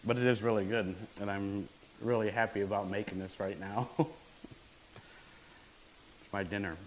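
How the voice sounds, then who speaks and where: A man's voice: fairly low pitch, fairly even intonation, normal speed, a little hiss or hum, rough recording. A man hosting a casual home cooking stream from his apartment kitchen, chatty and laid-back, laughing often. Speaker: host of a home cooking show.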